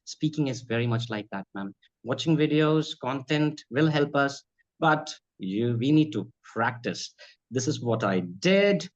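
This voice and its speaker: A man's voice: medium pitch, lively intonation, unhurried. Earnest man. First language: Bhojpuri. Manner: earnest, advisory, keeps addressing her as ma'am. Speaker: spoken English and accent trainer. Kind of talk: conversational interview answers. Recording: slightly dull lo-fi audio.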